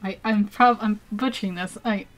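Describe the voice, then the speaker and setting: A woman's voice: medium pitch, steady tone, moderate pace. A woman with an American accent, an artist live-streaming as she draws, chatting casually and laughing often as she answers viewers. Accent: General American. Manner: giggly, laughs often between phrases; chatty, self-deprecating, reads and answers chat. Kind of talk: casual live-stream chat while drawing.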